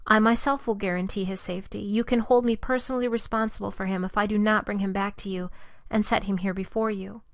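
A woman's voice: medium pitch, fairly even intonation, quick pace, dry recording. Woman reading scripture, dry close sound. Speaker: scripture reader.

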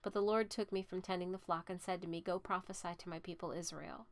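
A woman reading scripture aloud at a steady, measured pace. She drops softer on the speaker tags and rises louder for the rebukes. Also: lowish voice. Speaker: scripture reader.

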